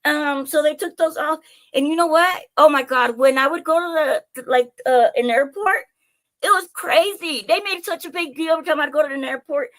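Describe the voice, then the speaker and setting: A young woman streaming live, telling her own stories in an animated, chatty way with plenty of swearing and jokes at her own expense. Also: high voice, fairly quick. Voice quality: animated, chatty, swears freely, self-mocking. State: out of breath. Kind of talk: casual storytelling to viewers.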